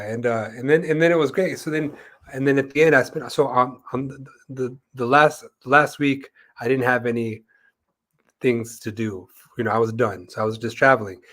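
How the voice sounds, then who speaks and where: A man with a voice of ordinary pitch tells a long story as co-host of an interview show. He talks in a loose, rambling way, full of fillers, and acts out the voices of the people he quotes. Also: fairly bright tone. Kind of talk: casual storytelling in conversation.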